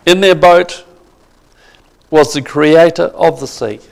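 A man's voice: fairly high pitch, slow, gravelly. A man preaching a sermon with emphasis, asking the congregation questions.

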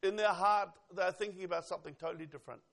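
An older man delivers an earnest sermon, pausing often and lifting his emphasis up and down. His voice sits fairly high and carries a gravelly edge. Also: fairly bright tone. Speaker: preacher. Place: church.

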